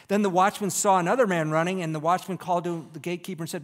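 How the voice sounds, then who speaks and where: A man preaching a sermon, reading scripture and explaining it, swinging between raised, emphatic lines and hushed, near-whispered asides. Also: on the high side, rapid-fire, few pauses, long reverb tail. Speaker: pastor.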